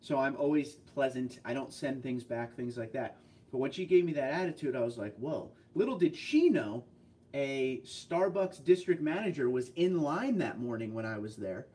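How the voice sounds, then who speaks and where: A man hosting a casual livestream, chatting with viewers and telling rambling stories with quick asides. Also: mid-range voice, lively intonation, mellow, distant mic. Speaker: livestream host reading viewer chat.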